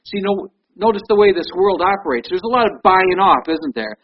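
A man's voice: high-pitched, a little fast, creaky, muffled recording. A man preaching a sermon in a conversational way, reading scripture aloud. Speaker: pastor.

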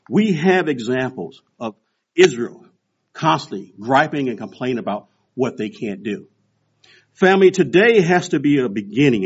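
Animated husky preacher in his sixties. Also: medium pitch. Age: 60s. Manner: storytelling with animated quoted voices. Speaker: pastor. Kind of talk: sermon. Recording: dull lo-fi recording.

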